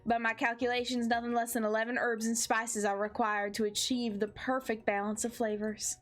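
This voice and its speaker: Woman doing genteel old colonel-chef, folksy drawl, game voice, pitched a bit high. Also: level tone, normal speed, fairly bright tone, close to an everyday voice. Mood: proud. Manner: folksy drawl with howdy-style greetings. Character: older male fried-chicken chef, folksy and genteel.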